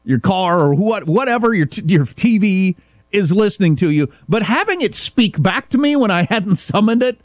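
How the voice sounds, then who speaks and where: A middle-aged man from Kansas tells a story on a casual talk show, acting out the dialogue himself. His voice sits fairly high for a man and swings widely in pitch, climbing higher as he gets worked up. The sound is dry and close. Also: normal speed, dry recording. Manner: animated storyteller, acts out dialogue, rising pitch when worked up. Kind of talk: casual talk radio chat.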